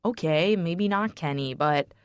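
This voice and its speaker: A woman voicing a blunt, protective teenage boy who curses freely and teases, in a slow, dry audiobook read. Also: fairly low pitch, smooth, no echo, lightly acted.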